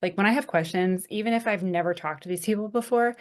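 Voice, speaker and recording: A woman's voice: medium pitch, fast. A woman co-hosting a podcast in casual chat, talking in a chatty, rambling way with plenty of fillers. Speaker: podcast co-host.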